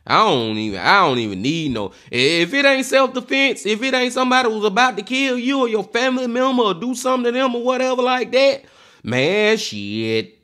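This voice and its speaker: A man's voice: very high voice, big pitch swings, moderate pace, sharp tone. A man hosting a reaction video, talking heatedly and cursing, calling his viewers y'all. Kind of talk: emotional reaction commentary.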